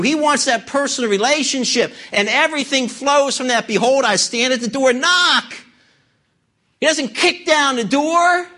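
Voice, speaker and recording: A man's voice: very high-pitched, bright, forceful tone. A man preaching a sermon, building to passionate, urging calls with rhetorical questions. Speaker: pastor.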